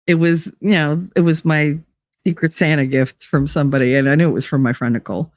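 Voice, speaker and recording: Animated New woman telling stories. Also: low-pitched, fairly quick, no room sound, studio quality. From Hoboken, New Jersey. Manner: animated, swears freely, frequent laughter. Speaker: podcast host. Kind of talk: casual storytelling chat.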